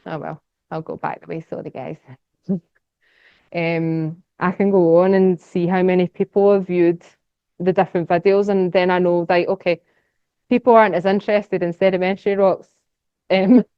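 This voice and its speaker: A woman's voice: on the low side, steady tone, moderate pace, smooth, no room sound. Scottish woman, young adult, chatty talk, enthusiastic, rambling, dry and muffled recording. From Scotland. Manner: chatty, enthusiastic, rambling with many fillers and laughs. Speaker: guest speaker. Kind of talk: casual conference talk. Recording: dull, dry lecture recording.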